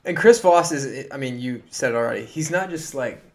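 A man's voice: mid-range voice, a little fast. A man co-hosting a casual chat, eager and emphatic, repeating words as he works up to his point. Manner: eager, repeats words and restarts when excited. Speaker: podcast co-host.

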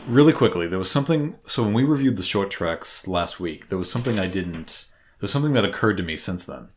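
A man with a Boston accent co-hosting a casual podcast chat, excitable and rambling, often restarting his sentences. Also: sits low, quick pace, slight background noise. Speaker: podcast co-host.

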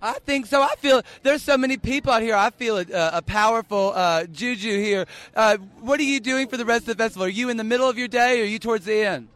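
A man's voice: very high-pitched, quick pace, hardly any pauses, fairly bright tone. A man hosting street interviews, flamboyant and teasing, calling everyone darling and baby. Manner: flamboyant, teasing, showers people with endearments. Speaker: festival interviewer.

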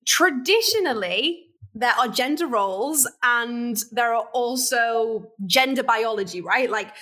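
A young woman hosting a podcast in casual chat, animated, laughing often and drawing out words for emphasis. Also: on the high side, measured pace. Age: young adult. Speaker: podcast host.

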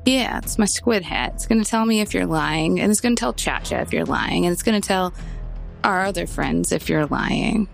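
A woman plays a tabletop game, chatting casually and turning tough when she talks as her character. Her voice is full of gravel and fry, and soft music plays underneath. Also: fairly low pitch, animated, moderate pace. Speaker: player.

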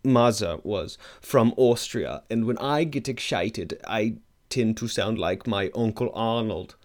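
A man putting on an excitable character with a heavy German accent. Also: fairly low pitch, unhurried, lightly acted. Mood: excited.

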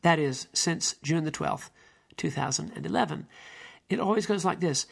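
A man's voice: on the high side, normal speed, vocal fry. A man giving a spoken lecture on language in a musing, digressive way, now and then mimicking how people intonate.

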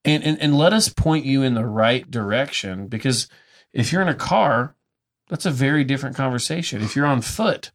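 An energetic man talks in a relaxed, conversational way. He tells stories with gusto and slips into the voices of the people he met. His voice sits in an ordinary middle range. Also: mid-range voice, moderate pace. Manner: enthusiastic storyteller, acts out dialogue. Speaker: brewery tour business owner. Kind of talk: casual podcast conversation.

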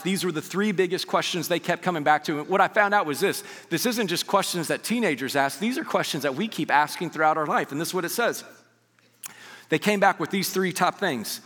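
A male pastor preaching in a church auditorium, his bright, forceful voice ringing with a long hall reverb. He preaches emphatically in a fairly high voice and acts out quoted voices with sudden loud rises. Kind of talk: sermon.

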